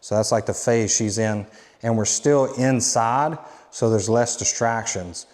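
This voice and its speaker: A man working as a dog trainer, explaining steps plainly and giving short, quiet commands to a dog indoors. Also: mid-range voice, measured pace, big-room sound. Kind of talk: instructional training demo.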